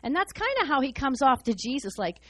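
A woman preaching a sermon in a fast, excited, humorous way. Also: sits high, dry recording.

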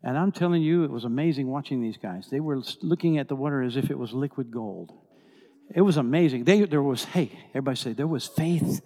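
A man preaching a storytelling sermon, animated, swinging from hushed tones to shouting. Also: mid-range voice, quick pace, long reverb tail. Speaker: preacher and worship leader.

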